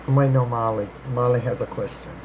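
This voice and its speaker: A chatty, affectionate host running a live stream, calling viewers darling and baby. Speech wanders and repeats, with sudden upward leaps in pitch on greetings, around a mid-range voice. Faint noise sits under the voice. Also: fairly even intonation, quick pace, dull audio. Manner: chatty, repeats and rephrases, with swooping pitch jumps. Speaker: livestream host answering viewer questions. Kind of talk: casual live-stream chat.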